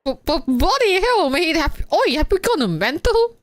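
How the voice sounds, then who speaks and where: A woman's voice: very high voice, very animated, measured pace, a little hiss or hum, pitched above the performer's own voice, heavily acted. A woman voicing a blustering young man in a forced British accent. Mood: exasperated.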